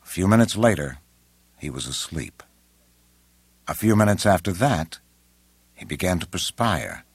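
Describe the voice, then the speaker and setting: Deep husky male audiobook narrator. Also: lively intonation, no room sound. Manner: measured, unhurried. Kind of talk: scripted narration.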